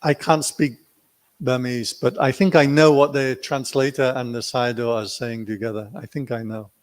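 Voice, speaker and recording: A man's voice: medium pitch, steady tone, moderate pace. A man teaching meditation, telling a retreat story in a playful way and acting out the quotes. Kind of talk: dharma talk with a story.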